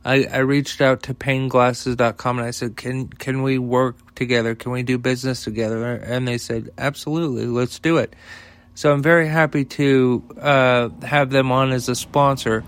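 A man's voice: mid-range voice, little pitch movement, normal speed, smooth. A man hosting his own show, giving blunt, profane commentary on the news and reading sponsor ads in a casual, offhand way. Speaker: host.

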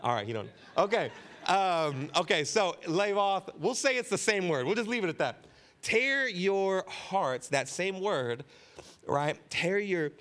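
Casual, slightly high-voiced male preacher. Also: a bit bright. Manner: casual, joking, keeps asking "right?"; repeats key phrases for emphasis. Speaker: pastor. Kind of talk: conversational sermon.

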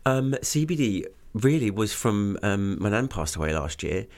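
A man's voice: on the low side, very animated, moderate pace, darkish tone. A man with an English accent, chatting casually as a guest and rambling with many fillers. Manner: rambling, full of fillers and restarts. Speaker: guest, business owner. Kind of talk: casual conversation.

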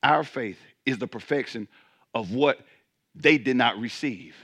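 A man's voice: mid-range voice, a little slow, vocal fry, a bit bright, slightly rough. A man preaching a sermon as pastor, emphatic, repeating words as he restarts and calling out to his listeners. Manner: calls out to the congregation.

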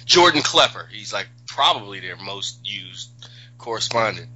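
A man in casual chat who reacts excitably and cuts in to add details. His voice is very bright and sharp and swings widely in pitch, on a slightly dull lo-fi recording. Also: normal speed. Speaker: podcast co-host.

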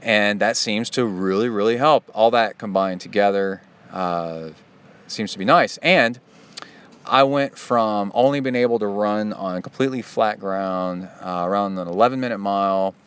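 Speaking at a normal pace, a middle-aged male podcast host has a lowish, smooth, somewhat bright voice. He rambles casually through a self-deprecating, chatty monologue that strays into side stories.

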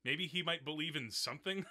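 A man's voice: fairly high pitch, fairly quick, pushed and bright. A male podcast host in a casual film discussion, talking in a chatty way with many fillers and frequent laughs.

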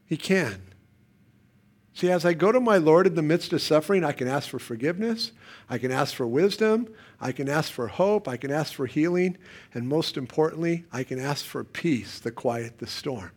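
Man, middle-aged, pastor, sermon, higher voice, quiet drops and loud emphatic bursts. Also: animated, normal speed.

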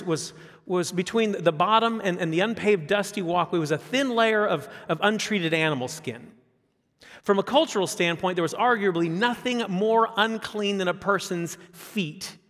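A man in his fifties preaching a sermon as a pastor, animated, repeating phrases and asking rhetorical questions. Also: high voice. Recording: long hall reverb.

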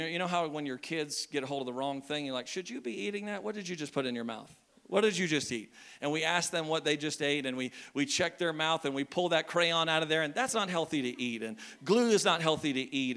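A man's voice: a little high, fairly bright tone. A man in his thirties preaching a sermon to a church, talking casually and joking with the congregation. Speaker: pastor. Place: church hall.

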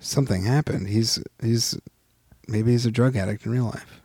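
A man's voice: medium pitch, fairly even intonation, normal speed, warm tone, husky, no room sound, studio quality. A man co-hosting a podcast, chatting casually with wry, sarcastic asides. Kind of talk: casual chat.

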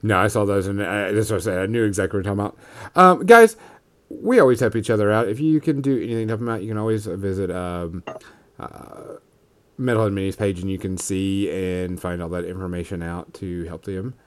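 A man hosting a podcast in a relaxed, joking way, swearing now and then over closing music. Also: on the low side, brisk. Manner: loose, joking, swears casually. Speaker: podcast host. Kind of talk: casual chat. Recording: music playing behind.

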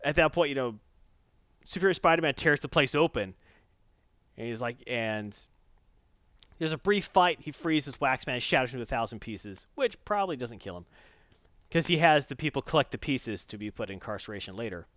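A man's voice: mid-range voice, lively intonation, normal speed, a bit bright, no room sound. A man casually reviewing a comic book, retelling it in a rambling, enthusiastic way, in a dull lo-fi recording.

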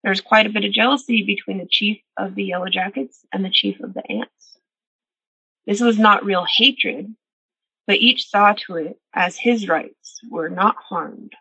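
A woman's voice: mid-range voice, unhurried, sharp tone, slightly rough, dry recording. A woman storyteller reading a traditional animal tale aloud and reflecting earnestly on its lessons. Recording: dull, dry recording.

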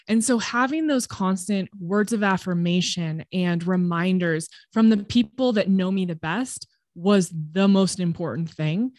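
A woman's voice: on the low side, a little slow, few pauses, dry recording. Woman guest on a podcast, blunt and open, cusses a lot, dry close sound. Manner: frank and expressive, swears freely. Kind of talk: candid conversational storytelling.

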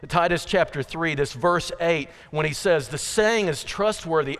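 A man's voice: sits high, moderate pace, few pauses, fairly bright tone, clear, resonant tone, big-room sound. A man preaching a sermon in a conversational, emphatic way, full of rhetorical questions. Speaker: pastor.

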